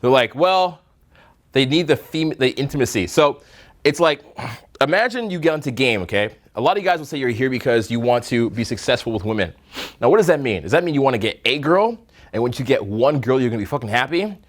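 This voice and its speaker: A man's voice: mid-range voice, expressive, fairly quick. A man coaching a live seminar room on dating, talking bluntly with swearing and jokes, slipping into mocking voices to make his points. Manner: blunt, profane, joking, slips into mocking put-on voices.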